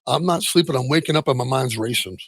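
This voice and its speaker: Gravelly middle-aged man, halting and candid. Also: medium pitch, dry recording. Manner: halting, many restarts and soft trailing asides. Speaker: interview guest, retired football player. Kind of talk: candid personal storytelling.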